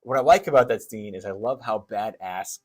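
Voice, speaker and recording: Rambling excited young man. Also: lowish voice, brisk. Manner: excited, rambling, many restarts and fillers. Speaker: podcast co-host. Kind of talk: casual movie chat.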